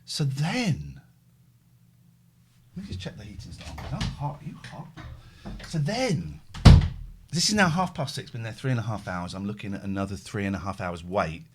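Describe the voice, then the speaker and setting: Lively man hosting a stream. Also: fairly low pitch, moderate pace, long pauses, very noisy. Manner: animated storyteller, acts out phone calls, thanks subscribers. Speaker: host. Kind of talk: casual chat, livestream storytelling.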